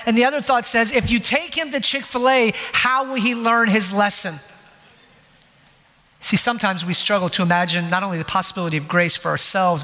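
High bright-voiced man preaching in a hall. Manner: storytelling, self-mocking humor. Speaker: pastor. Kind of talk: sermon. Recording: long hall reverb.

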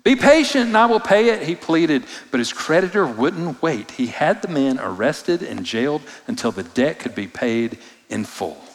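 A man preaching a sermon as pastor, expressive, moving between loud emphasis and hushed, low passages. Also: moderate pace. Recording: long reverb of a large hall.

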